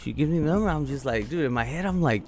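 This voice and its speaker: A man telling a crude story in casual chat, rambling and profane, loudly acting out what people said. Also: fairly high pitch, lively intonation, fast. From Zacatecas, Mexico family roots. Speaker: podcast co-host.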